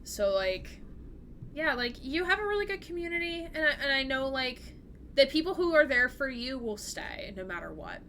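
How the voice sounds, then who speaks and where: A woman's voice: sits high, big pitch swings, moderate pace, pushed and bright, slight background noise. A woman live-streaming a game and chatting casually with her viewers. She rambles, fills her sentences with "like" and laughs easily. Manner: chatty and rambling, heavy use of "like".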